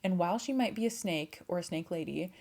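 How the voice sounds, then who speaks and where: A young woman tells an old folktale in a loose, chatty way, dropping swear words and laughing asides into the story. Her voice sits a little low for a woman. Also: a little fast, a little mellow. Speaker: storyteller and channel host. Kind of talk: casual storytelling with voiced quotes.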